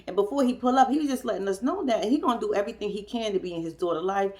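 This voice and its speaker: A woman's voice: medium pitch, rapid-fire, mellow. A woman giving a casual, blunt recap of a reality show, talking straight to viewers with slang and cussing. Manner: chatty, addresses viewers directly.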